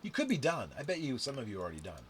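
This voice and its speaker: A man playing a dice game on camera, counting scores aloud and chatting to the viewer with sudden loud outbursts. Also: medium pitch, rapid-fire. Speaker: game instructor. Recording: steady background noise with clicks and typing.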